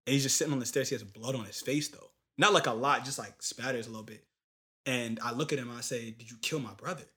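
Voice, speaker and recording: A man's voice: mid-range voice, quick pace. Slangy young man telling a story. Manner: animated storytelling, slangy, many fillers. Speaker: storyteller in casual talk. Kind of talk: casual chat.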